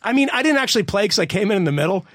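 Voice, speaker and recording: High-voiced, excitable man chatting. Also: very fast, no room sound, clean studio sound. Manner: excitable, animated storyteller. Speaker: podcast co-host. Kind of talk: casual podcast chat.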